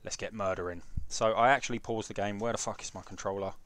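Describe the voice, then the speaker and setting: A young man runs a live game stream from a home room with a PC setup, chatting casually and cursing as he fixes his setup and reads chat. His voice is lowish, steady, fast and fairly bright, with no room sound, in the style of casual live gameplay commentary.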